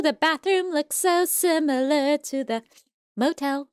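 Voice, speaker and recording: Young woman, high voice, unhurried, playful game commentary, sings and hums between lines. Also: no room sound, studio quality. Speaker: gaming streamer. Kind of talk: casual let's-play commentary.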